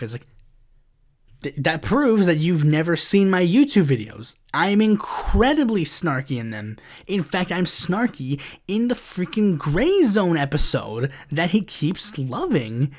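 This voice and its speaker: Exasperated sarcastic man ranting, lively pitch. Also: measured pace. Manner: exasperated, sarcastic, full of "like" and "it's like". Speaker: podcast host. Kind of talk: casual ranting monologue.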